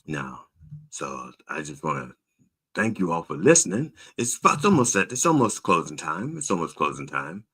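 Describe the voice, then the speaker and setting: A man's voice: very deep voice, sing-song, normal speed, fairly bright tone, husky. A man hosting his own show in a casual monologue, telling a story animatedly, acting out both sides of a call, with frequent repeats and restarts. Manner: repeats words and restarts often. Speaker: host.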